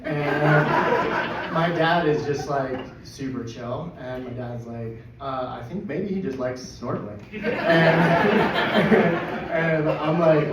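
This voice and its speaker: A man telling a personal story at a live storytelling event, excitable and laughing through it. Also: mid-range voice. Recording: echoey, distant, dull live recording with noise.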